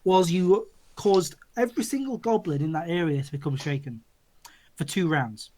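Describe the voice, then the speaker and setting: A man running a tabletop role-playing game as game master. He gives rulings in a brisk, matter-of-fact way. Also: on the high side, mellow, rough recording.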